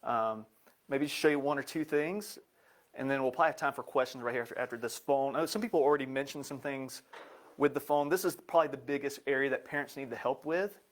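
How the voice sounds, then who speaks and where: A man's voice: mid-range voice, quick pace. A man giving a live presentation in an upbeat, joking way.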